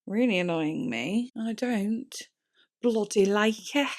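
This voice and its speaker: A woman hosting a music reaction video, chatting excitably, swearing freely and trailing off into fillers. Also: medium pitch, takes it slowly. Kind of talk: casual reaction chat.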